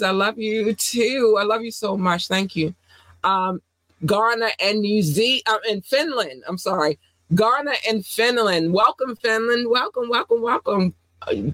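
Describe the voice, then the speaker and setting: A woman's voice: sits low, dry recording. A woman hosting a casual podcast while sick with a sore throat and runny nose, talking emphatically and repeating phrases for effect. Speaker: podcast host.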